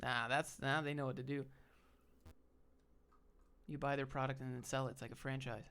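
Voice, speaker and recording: A man's voice: medium pitch, normal speed, smooth. A man hosting a livestream, chatting casually and bluntly about job hunting and reacting to viewers. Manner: relaxed, blunt, swears casually, talks to chat. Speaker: livestream host giving job advice.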